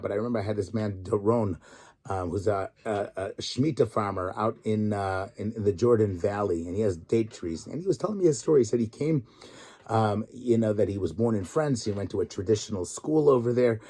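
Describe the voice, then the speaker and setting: A man's voice: mid-range voice, husky. A middle-aged man, a rabbi and tour guide living in Israel, giving a weekly Torah talk full of stories and acted-out quotes. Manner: animated storyteller, acts out quotes.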